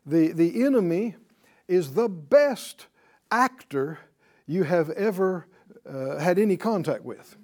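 A male Bible teacher speaks slowly to his class, with a high voice. His pitch swings widely as he presses each point. He repeats key words and asks rhetorical questions. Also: expressive, darkish tone.

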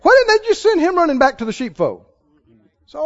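High-voiced animated preacher. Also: male voice, brisk. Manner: animated storytelling, acting out the people in the tale. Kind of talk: sermon. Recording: reverberant hall, somewhat dull sound.

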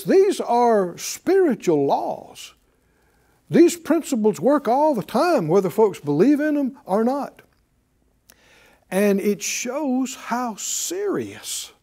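A man's voice: high-pitched, dark tone. A man teaching a sermon in a conversational way, asking his listeners questions and chuckling often. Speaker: preacher.

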